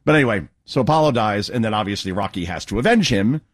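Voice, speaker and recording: A man hosting a political talk show, sarcastic and mocking, with quick asides. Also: fairly low pitch, animated. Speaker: radio talk show host. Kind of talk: opinionated political commentary.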